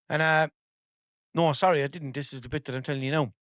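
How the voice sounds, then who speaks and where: Rambling, sweary Irish podcast host. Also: male voice, a little high, steady tone, quick pace, fairly bright tone, no echo, studio quality. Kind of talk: casual chat.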